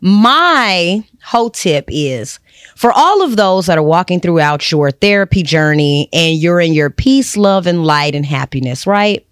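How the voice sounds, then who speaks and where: A young adult woman co-hosting a podcast, talking bluntly and profanely in casual, animated chat. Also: on the low side, a little slow, clear, resonant tone, no room sound, studio quality. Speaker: podcast co-host.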